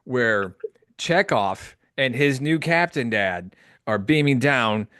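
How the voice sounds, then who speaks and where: Man, podcast host, excitable, laughs a lot, swooping lively pitch, dry close sound. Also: slow pace, no echo. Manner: excitable, laughs often, quotes the film in character. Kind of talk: casual chat.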